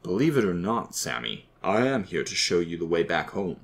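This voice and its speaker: A man voicing the calm, dry-humored ghost of an older father in a storybook reading. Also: low-pitched, moderate pace, gravelly, full character voice. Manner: dry, matter-of-fact, soft.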